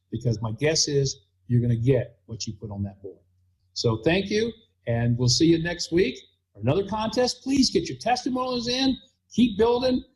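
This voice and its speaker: Animated husky man telling a story. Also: high-pitched, rough recording. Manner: animated storyteller acting out both sides of a dialogue. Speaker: host. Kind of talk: motivational talk with storytelling.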